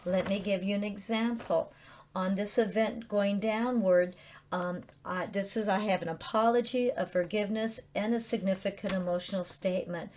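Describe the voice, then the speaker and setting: A middle-aged woman, a chaplain, gently explaining grief recovery homework with personal examples. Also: mid-range voice, steady tone, moderate pace. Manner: gentle and earnest, reading out sample statements. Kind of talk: instructional talk with personal examples.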